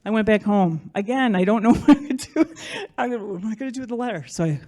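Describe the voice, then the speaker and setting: A woman's voice: medium pitch, fast, mellow. A woman telling a personal story in front of an audience, chatty and self-mocking, acting out what other people said.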